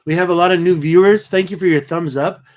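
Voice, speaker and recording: A man's voice: sits high, fairly even intonation, fast. A tired man hosting a casual livestream, rambling and thinking aloud as he looks through photos. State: tired, yawning. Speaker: livestream host.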